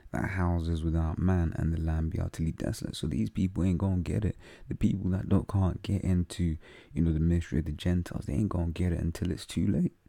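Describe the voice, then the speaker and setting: His voice sits low, creaky and mellow with a breathy edge, and there's no echo. He's a religious teacher from London, reading Bible passages and then explaining them in relaxed, slang-laden language full of fillers.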